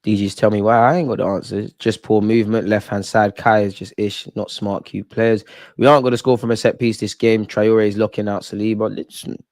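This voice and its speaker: A young man hosting a live football watch-along, talking at the players on screen and yelling at big moments. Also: fairly low pitch, a little fast. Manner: excitable, talks to the players on screen; shouts and yells at goals and chances.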